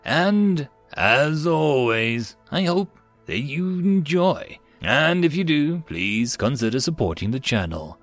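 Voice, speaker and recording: A man narrating science fiction stories in an expressive, varied storytelling manner. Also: on the high side, takes it slowly, no room sound, faint music behind.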